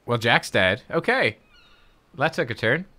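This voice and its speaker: A man's voice: medium pitch, very animated, a little slow, bright, forceful tone. A man giving casual let's-play commentary as a gaming streamer, chatty, swearing and laughing easily. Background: faint game music.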